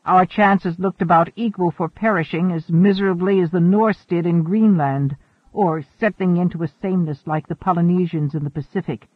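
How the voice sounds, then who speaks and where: A man's voice: high-pitched, moderate pace, no room sound. A man voicing a resolute, commanding starship captain who talks firmly. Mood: determined. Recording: narrow, phone-like, dry sound.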